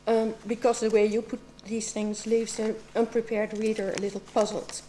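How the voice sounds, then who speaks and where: A woman's voice: mid-range voice, level tone, warm tone, slight background noise. A middle-aged woman asking formal, precise questions as an examiner at a doctoral defense. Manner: measured and precise, with occasional ums.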